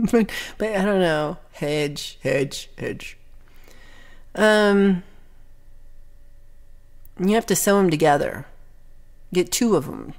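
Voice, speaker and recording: A young woman chatting casually with her livestream viewers, reading their comments aloud in a rambling, playful way with lots of ums and little laughs. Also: lowish voice.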